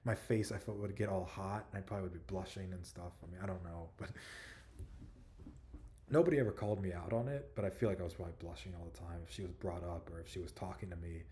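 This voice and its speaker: Soft-spoken young man, mellow and low. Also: fairly even intonation, a little hiss or hum. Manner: halting and rambling, full of "like" and "you know". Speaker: vlogger telling his life story. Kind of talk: casual personal storytelling to camera.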